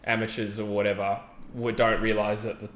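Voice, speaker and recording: A man's voice: on the low side, little pitch movement, a little fast, fairly bright tone. A man co-hosting a podcast, chatting casually and hedging as he rambles and corrects himself. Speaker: podcast co-host. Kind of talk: casual chat. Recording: roomy echo, faint background ambience.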